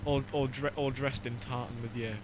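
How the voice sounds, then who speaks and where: Brief: young Northern English host, mid-pitched, wry mocking banter, audible background noise. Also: male voice, fairly even intonation. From Northern England. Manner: joking, rambling, quick to mock. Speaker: podcast host. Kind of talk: casual chat.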